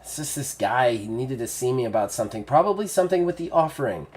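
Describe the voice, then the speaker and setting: A man voicing a calm woman in a tabletop game, in a lightly raised, reassuring tone. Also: mid-range voice, fast, natural voice.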